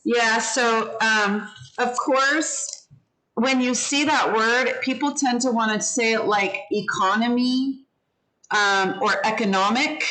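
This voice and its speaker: A woman's voice: on the high side, slow, pushed and bright, low-quality recording. A woman teaching an online English class, patiently giving feedback and explaining how word stress changes. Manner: encouraging, explains pronunciation patiently.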